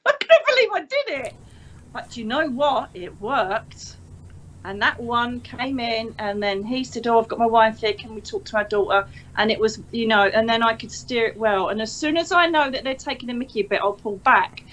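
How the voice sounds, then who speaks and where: A woman's voice: fairly high pitch, moderate pace. An English woman in her fifties, a psychic medium guest in an interview, telling stories with energy and acting out the voices of the people in them. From England. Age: 50s. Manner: animated, acts out other voices in her stories. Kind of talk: storytelling interview talk.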